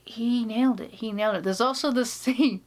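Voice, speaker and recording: A woman's voice: a little high, normal speed. Chatty woman telling a story. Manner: chatty, laughing storyteller with many restarts. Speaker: vlogger. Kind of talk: casual chat. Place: indoor room.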